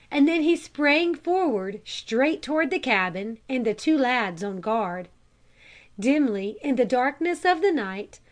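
A woman reading a children's storybook aloud in a calm, measured narration. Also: high-pitched. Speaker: audiobook reader.

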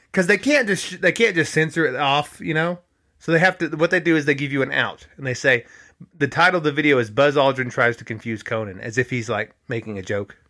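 A man hosting a podcast, talking in a rambling, conspiratorial monologue with many restarts and quoted voices. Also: on the high side. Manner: rambling, restarts, animated quoting of others. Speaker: podcast host.

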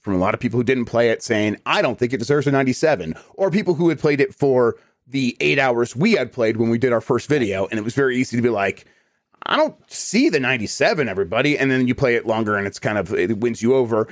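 A man co-hosting a casual podcast, reading listener questions aloud in a relaxed way with filler words. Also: mid-range voice, fast, hardly any pauses, dry recording, clean studio sound. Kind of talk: casual chat.

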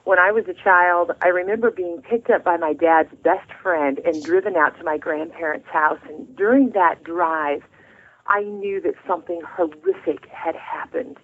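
A middle-aged woman, appearing as a guest author in an interview, shares her faith testimony in an earnest, heartfelt way. Her voice is on the low side at normal speed, and it comes through a tinny phone line.

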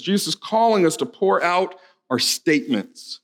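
A man preaching a sermon to a congregation in a church hall, swinging from hushed pleading to loud, fervent urging. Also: high voice, animated, normal speed. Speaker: pastor.

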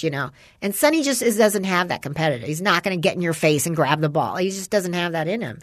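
A woman's voice: on the low side, a little fast, few pauses, no room sound. Chatty woman with dry close sound. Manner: rambling storyteller, quotes her son in lively voices, swears casually. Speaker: parent chatting with a friend. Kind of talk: casual chat.

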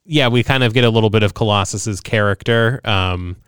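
A man chatting casually on a podcast, relaxed and agreeable, with many fillers. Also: lowish voice, brisk, clear, resonant tone, no echo, clean studio sound. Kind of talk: casual chat.

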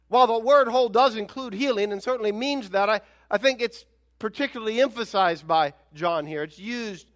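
A male pastor preaching a sermon in an animated, conversational way, with emphatic rhetorical questions. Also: sits high.

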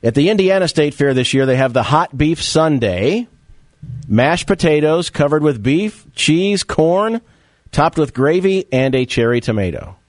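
A man's voice: on the high side, animated, measured pace, dry recording. A man hosting a casual radio talk show, joking and quizzing his co-host.

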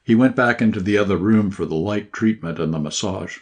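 A man reading a short story aloud in scripted first-person narration, at a measured, even pace. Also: fairly low pitch. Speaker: audiobook narrator.

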